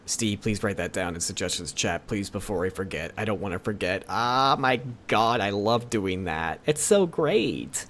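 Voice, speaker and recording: A man's voice: on the low side, expressive, moderate pace, few pauses, a bit bright, a little hiss or hum. A young man streaming live, chatting casually with his viewers in a rambling way and often correcting himself. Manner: rambling, with frequent self-corrections. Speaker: livestreamer.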